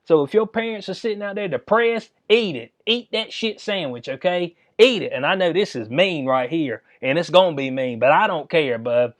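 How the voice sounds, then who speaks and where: A man's voice: on the high side, animated, normal speed, hardly any pauses, dry recording. A man hosting his own channel, giving heated, informal commentary with lots of slang, emphatic outbursts and frequent laughs. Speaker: channel host.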